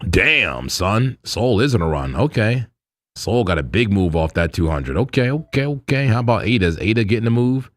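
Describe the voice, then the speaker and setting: This crypto livestream host speaks at normal speed in a lowish voice with big pitch swings, captured in a dry recording. He chats casually with viewers using slang, often laughing and saying things twice.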